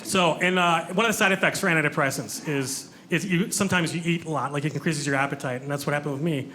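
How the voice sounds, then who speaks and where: This high-voiced comedian talks quickly over a noisy background, bantering with the audience and making self-deprecating jokes. He's performing on a comedy club stage to a live crowd, whose ambience is audible in the room.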